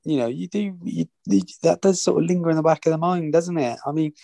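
A man's voice: on the high side, brisk, vocal fry, dark tone, dry recording. A man co-hosting a football podcast, given to exasperated rants. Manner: ranting, exasperated. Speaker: podcast co-host. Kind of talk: casual football chat.

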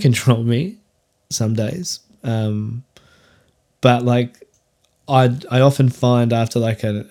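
A man's voice: lowish voice, mellow. A young Australian man hosting a solo podcast, talking candidly in a rambling way with many fillers and restarts. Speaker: podcast host.

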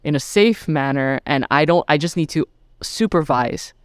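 A woman's voice: sits low, moderate pace, no room sound, clean studio sound. A woman drama teacher chatting on a podcast, enthusiastic and gushing about her students. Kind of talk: casual chat.

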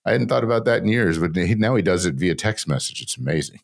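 A man's voice: low voice, animated, creaky. An older man hosting a casual podcast, rambling and joking, barely stopping for breath. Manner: rambling, jokey, talks without pause. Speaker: podcast host.

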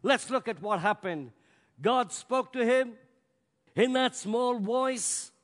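A man preaching a sermon, swinging between loud bursts and hushed, drawn-out words. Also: very high-pitched, lively intonation. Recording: long reverb of a large hall.

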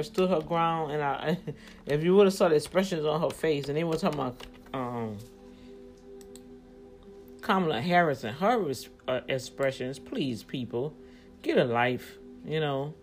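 A woman's voice: sits low, unhurried, darkish tone, soft background music. A woman vlogger in casual commentary, rambling as she thinks things through aloud and speaking straight to her viewers, growing emphatic when riled up.

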